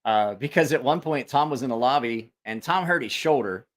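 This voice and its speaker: A man's voice: mid-range voice, expressive, moderate pace. Profane rambling male livestream host. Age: adult with school-age child. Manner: rambling, profane, storytelling with quoted voices. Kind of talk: casual livestream chat.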